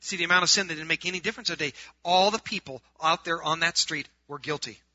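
A man preaching a sermon to a group, swinging from loud, urgent appeals to hushed, quiet stretches. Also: fairly high pitch, fast talker, dry recording, muffled recording.

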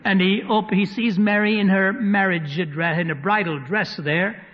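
Preacher, male, high voice, humorous storyteller, muffled echoey hall recording. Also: steady tone, moderate pace. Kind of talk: sermon storytelling. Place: hall with live audience. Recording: dull recording in a reverberant hall.

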